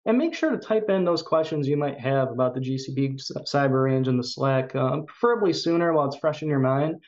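A man's voice: mid-range voice, a little fast, a little mellow, muffled recording. Enthusiastic man with a Chicago accent. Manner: enthusiastic, with frequent fillers. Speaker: conference speaker. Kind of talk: recorded tech talk presentation.

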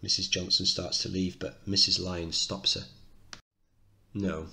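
A man's voice: deep voice, monotone, normal speed, creaky, pushed and bright, a little hiss or hum. A male teacher reading stage directions and explaining a play to students, posing guiding questions.

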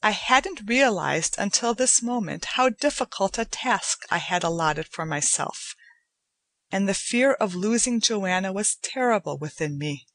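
A woman narrating a short story in slow, measured, somber storytelling. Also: medium pitch, lively intonation, a bit bright, no room sound. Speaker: audiobook narrator. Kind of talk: scripted narration.

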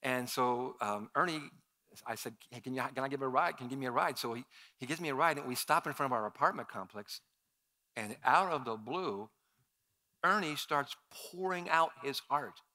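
Bright-voiced storytelling male pastor. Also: mid-range voice, normal speed. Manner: storytelling, animated, acts out his own past voice. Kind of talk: sermon. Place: church sanctuary.

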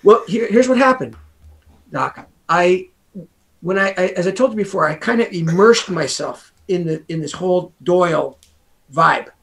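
Creaky-voiced American man chatting. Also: high-pitched, expressive, moderate pace, fairly bright tone. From United States. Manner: rambling, full of "you know" asides. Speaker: guest author. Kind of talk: casual interview chat.

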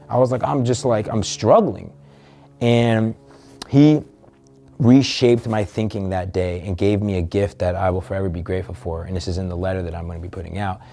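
A man's voice: fairly low pitch, a little fast, a little mellow. A man telling a candid personal story as an interview guest, earnest and emotional, swearing casually.

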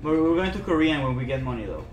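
A woman's voice: low-pitched, very animated, quick pace. A woman co-hosting a live drawing stream, making dry teasing asides. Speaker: co-host. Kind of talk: casual live-stream chat. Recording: roomy live-stream audio with clear music.

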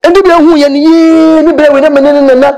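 A man's voice: extremely high pitch, level tone, fast talker, darkish tone. A man with a Ghanaian accent, speaking animatedly in a casual interview, often pleading and switching into English. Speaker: gospel music manager interviewee. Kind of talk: casual radio-style interview in Twi and English.

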